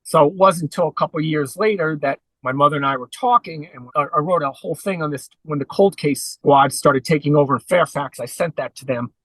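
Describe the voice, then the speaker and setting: A man's voice: a little high, fairly quick, hardly any pauses, a bit bright, dry recording, low-quality recording. A man telling his story at length as a podcast guest, in an earnest conversational way. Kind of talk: conversational interview.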